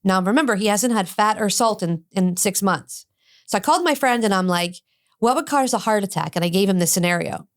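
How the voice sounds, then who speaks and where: A woman's voice: medium pitch, fairly quick. A middle-aged woman, a guest on a talk show, telling a personal story and acting out the dialogue she quotes. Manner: animated, acts out quoted dialogue. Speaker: addiction expert guest. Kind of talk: personal storytelling in a podcast interview.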